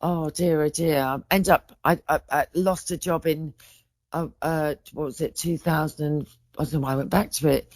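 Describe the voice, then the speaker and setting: Her voice sits low with a darkish tone and fairly even intonation as this woman in her forties rambles through stories on a podcast. She talks at a moderate pace, often cutting herself off to restart, recorded dry and close with no room sound.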